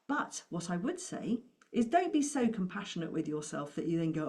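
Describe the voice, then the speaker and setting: A woman's voice: fairly low pitch, big pitch swings, normal speed, a little mellow. A woman speaking as a money coach, giving an encouraging talk to camera and asking the listener questions.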